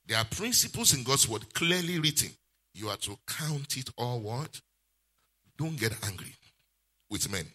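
A male pastor, preaching a sermon with lively call-and-response questions. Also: mid-range voice, breathy edge.

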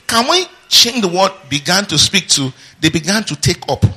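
Male pastor, bright and forceful delivery, prompts the congregation to finish his lines. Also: high-pitched, normal speed, few pauses, slightly rough. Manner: call-and-response, asks the congregation to finish his sentences; lively teaching with asides and laughter. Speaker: preacher. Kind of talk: sermon.

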